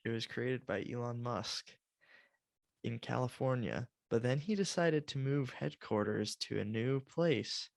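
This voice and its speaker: A man's voice: medium pitch, unhurried, vocal fry, no room sound. A man co-hosting a casual podcast chat, easygoing and laughing along. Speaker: podcast co-host.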